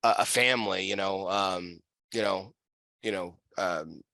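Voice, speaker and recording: A man's voice: low-pitched, measured pace, bright, forceful tone, no room sound. A man hosting a casual talk show, chatting loosely with many fillers and restarts. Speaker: podcast host. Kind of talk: casual chat.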